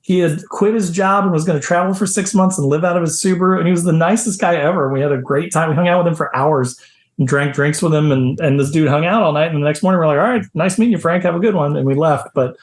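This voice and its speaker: A middle-aged man from the Midwest, a podcast guest telling lively anecdotes in casual conversation. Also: fairly high pitch, fast talker. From American Midwest. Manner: animated, lively anecdotes with quoted voices. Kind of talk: casual storytelling. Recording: echoey room.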